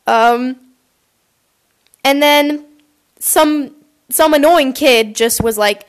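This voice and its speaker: A woman's voice: sits high, slow, long pauses. A woman podcast host chatting casually and reacting to listener confessions, rambling and acting out quotes in silly voices, on a poor quality mic.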